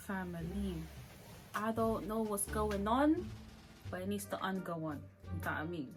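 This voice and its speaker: A young woman telling a funny story to camera, animated and laughing often, acting out the voices. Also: medium pitch, poor audio.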